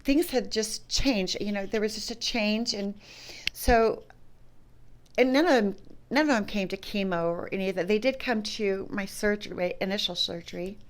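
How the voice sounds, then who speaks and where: A middle-aged woman speaks as an interviewee at an ordinary, mid-range pitch. She tells her story haltingly, breaking off, restarting and leaning on "you know" between thoughts. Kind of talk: personal recollection.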